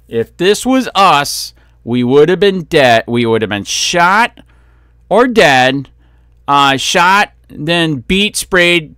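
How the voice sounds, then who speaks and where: A man's voice: a little high, a bit bright, clear, resonant tone, dry recording, studio quality. A man vlogging about police, ranting angrily with heavy swearing and sarcasm. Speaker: copwatch vlogger. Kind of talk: angry ranting commentary.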